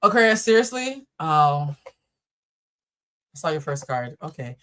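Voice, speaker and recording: Joking, animated woman reading tarot live. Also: sits low, unhurried. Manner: animated, joking, laughing, swearing, chatting with viewers. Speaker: tarot reader hosting a live stream. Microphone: laptop or camera setup.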